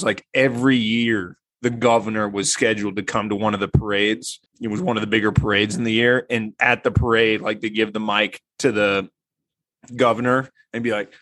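A man's voice: on the low side, a bit bright, no echo. Young man telling a story casually. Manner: storytelling, laughs often. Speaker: podcast host. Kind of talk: casual chat among friends.

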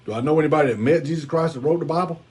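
A man's voice: fairly high pitch, rapid-fire, a little mellow, husky. A man hosting a podcast, arguing in a combative, sarcastic way and repeating his questions. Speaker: podcast host. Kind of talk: casual political argument.

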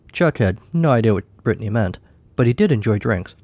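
A man's voice: fairly low pitch, lively intonation, fairly quick, darkish tone, dry recording. Guy reading a funny story, wry and dry, close dry sound. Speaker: narrator. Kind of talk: comic short story reading.

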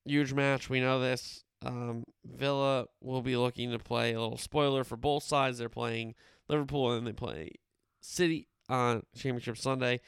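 Gravelly-voiced man recapping soccer results. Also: medium pitch, steady tone, normal speed, no room sound, studio quality. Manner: conversational, rambling with fillers and self-corrections. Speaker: soccer podcast host. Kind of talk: casual sports roundup.

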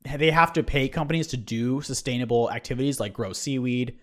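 A man co-hosting a podcast in a relaxed, rambling way, thinking out loud. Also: mid-range voice, brisk. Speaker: podcast co-host. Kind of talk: casual podcast chat.

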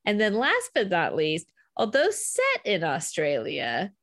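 Brief: woman podcast co-host, lively rising-and-falling pitch, giggly, casual trivia chat. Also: a little slow. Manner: laughs often, animated trivia reading.

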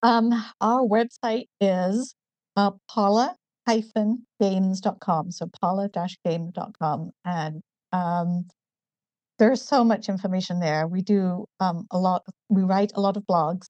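A middle-aged woman from the northeast of England with a northern English accent softened by years in America, explaining things in a measured way with frequent ums as an interview guest. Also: mid-range voice, steady tone, no echo, lo-fi sound. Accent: northern English, partly American. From Newcastle, northeast England. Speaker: guest, company founder. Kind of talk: casual interview.

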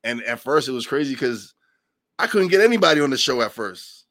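A man hosting a podcast, talking casually with a cold and acting out his old doubts in a deep radio voice. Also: sing-song, brisk, a bit bright, no echo, studio quality. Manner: storytelling, acts out his own past thoughts. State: has a cold. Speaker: podcast host.

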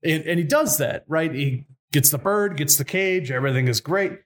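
Brief: slightly high-voiced man, podcast co-host spinning a folk tale with crude jokes. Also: lively intonation. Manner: irreverent, swears, fast retold dialogue. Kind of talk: casual comic storytelling.

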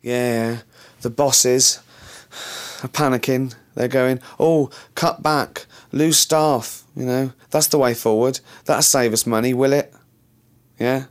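A man's voice: mid-range voice, fairly even intonation, takes it slowly, lightly acted. A man playing a pompous office boss. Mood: self-justifying. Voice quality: pompous, self-justifying. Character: self-important male office boss, middle-aged, pompous. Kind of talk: sitcom acting.

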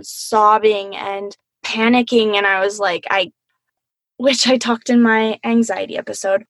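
A woman's voice: on the high side, dry recording. A young woman telling a personal story in an earnest, candid way.

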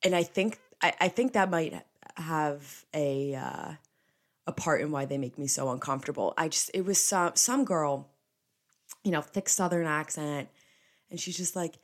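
A young woman hosts a casual solo podcast in a slightly low voice. She talks in a chatty, emphatic way and slides easily into playful rants. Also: measured pace. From New Jersey. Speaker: podcast host.

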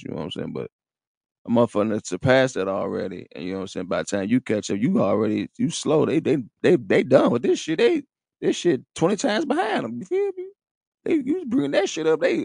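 A man's voice: medium pitch, lively intonation, brisk, creaky, a little mellow, no room sound. A man, rambling in a profane, casual street-talk monologue.

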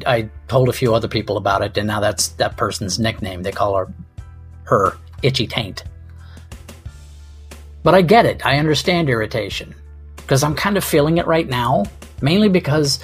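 A man's voice: medium pitch, breathy edge. A man hosting a comedy podcast, delivering a wry, rambling, self-mocking monologue.

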